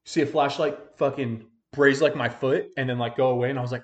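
A man's voice: medium pitch, steady tone, fairly quick, highs cut off. Profane young man telling a story. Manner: rambling, profane, full of "like". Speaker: podcast host. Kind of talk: casual storytelling chat.

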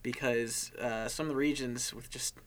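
A young man co-hosting a casual podcast chat, telling stories with lively asides and quick impressions of people he met. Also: medium pitch, a little hiss or hum. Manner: animated storyteller, mimics people in his anecdotes. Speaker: podcast co-host.

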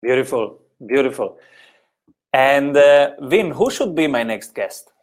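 A man's voice: medium pitch, expressive. Italian-accented man hosting a podcast. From Italy. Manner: halting, repeats words while searching for phrasing. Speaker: podcast host. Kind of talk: interview conversation.

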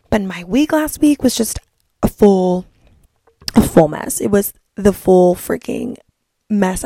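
A woman's voice: mid-range voice, vocal fry, darkish tone, no echo, clean studio sound. A young woman vlogging in a bubbly, chatty way, filling her talk with "like". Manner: bubbly, chatty, heavy use of "like". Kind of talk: casual chat to camera.

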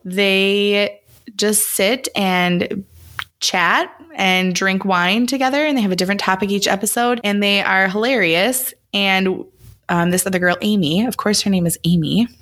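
A woman's voice: mid-range voice, measured pace, a bit bright. A woman in her thirties co-hosting a podcast, chatting casually and correcting herself as she rambles along. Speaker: podcast co-host. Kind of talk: casual chat.

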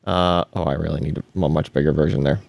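A man hosting a casual tech podcast, animated and laughing often, with frequent restarts. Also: rumbling low, quick pace, creaky, no echo, lo-fi sound. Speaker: podcast host.

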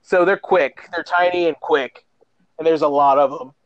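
Man, casual movie recap, profane, animated, fairly high voice, dull dry lo-fi sound. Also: moderate pace, no room sound. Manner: profane, animated storyteller, acts out quotes.

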